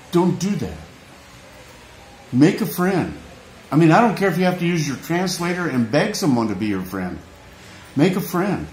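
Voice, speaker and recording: This off-the-cuff vlog comes from a man in the United States whose voice is a little high and a little mellow. Ranting emotionally and earnestly, he rambles, restarts and repeats himself, recorded in an echoey room with faint noise in the background.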